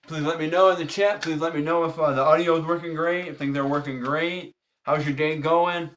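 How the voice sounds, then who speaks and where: A man with a somewhat high voice runs a tarot livestream in a casual, chatty way. He keeps repeating the same instructions to his viewers, polite but strict about the rules. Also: fairly even intonation, a little fast, fairly bright tone, slight background noise. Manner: firm, repetitive instructions to the chat.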